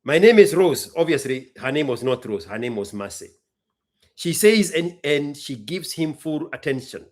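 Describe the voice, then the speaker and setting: A man's voice: mid-range voice, animated, normal speed. A man, hosting and chatting animatedly, reading lyrics aloud and dropping in slang. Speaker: host. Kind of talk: casual commentary.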